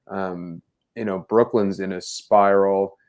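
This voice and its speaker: A man co-hosting a sports talk show, breaking down the game with rambling enthusiasm. His voice sits slightly low and runs on in loose, excited stretches. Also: takes it slowly. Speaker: podcast co-host.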